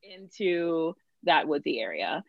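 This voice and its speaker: A young woman with a low, gravelly voice tells a personal story on a casual podcast, speaking slowly but very animatedly. She's chatty and rambling, full of "like," fillers and restarts, and laughs through her stories, all on lo-fi audio.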